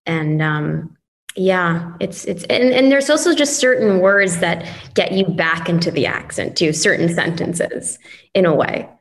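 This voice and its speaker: A woman's voice: fairly low pitch, lively intonation, measured pace. A woman guest in a roundtable conversation, chatty, laughing often and stumbling over her words. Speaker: actress guest.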